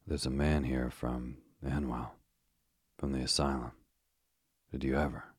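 A man reading the lines of a startled, wide-eyed landlady who talks in a gossipy manner, as part of a calm sleep-story reading. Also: extremely low pitch, a little slow, slightly rough, dry recording, studio quality, exaggerated voice.

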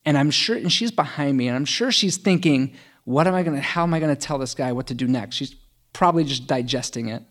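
A man's voice: medium pitch, animated, fast. A middle-aged man telling a personal story in casual conversation, chatty with lots of fillers and self-mocking humor.

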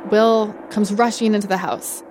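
A woman telling a personal story in a lively, conversational way, often saying "like" and acting out what people said. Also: mid-range voice, normal speed. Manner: animated, frequent "like", acts out quoted dialogue. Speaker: guest storyteller. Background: faint music score.

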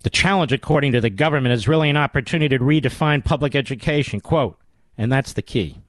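A man's voice: medium pitch, fast talker, dry recording. A man hosting political talk radio in a combative, sarcastic way that often builds into a heated rant.

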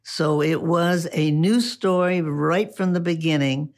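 A woman in her nineties, interviewed, recalling her past in a measured, plain way. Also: low voice, a little mellow. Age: 90s. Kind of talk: recorded interview reminiscence.

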